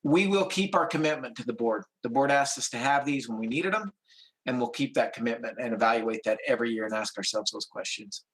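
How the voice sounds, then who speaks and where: A man from a wildlife agency answering questions at a public meeting in a measured, explanatory way with frequent restarts. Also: medium pitch, animated, fairly bright tone, rough recording.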